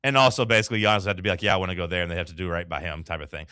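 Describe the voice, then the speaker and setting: A man's voice: low voice, fairly even intonation, racing, sharp tone, dry recording, studio quality. A man hosting a casual sports talk show, loose and chatty with lots of filler words.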